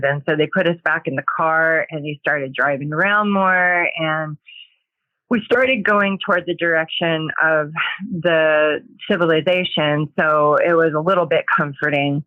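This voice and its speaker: Woman guest, halting testimony, tinny narrow sound with no room echo. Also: fairly low pitch, steady tone. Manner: hesitant, halting, with many pauses. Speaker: guest sharing a personal testimony. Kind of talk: emotional personal testimony.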